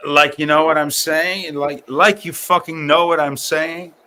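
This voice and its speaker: A man's voice: on the high side, fairly even intonation, unhurried, bright, forceful tone. A man chatting casually, swearing and stacking filler words. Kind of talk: casual chat.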